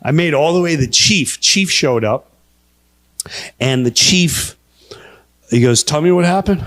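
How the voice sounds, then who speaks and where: A middle-aged man telling a story in live stand-up, animated and laughing at his own tale. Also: mid-range voice, slow. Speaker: stand-up comedian.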